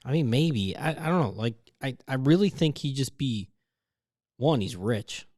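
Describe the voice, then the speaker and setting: A man's voice: medium pitch, expressive, normal speed, a little mellow, no room sound, clean studio sound. A man co-hosting a podcast, joking and rambling in casual chat. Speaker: podcast co-host.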